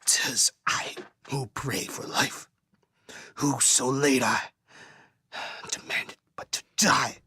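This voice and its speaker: A man playing a faint, ailing young nobleman in a stage play, pleading in a slow, breathy half-whisper. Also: mid-range voice, steady tone, bright, forceful tone, exaggerated voice.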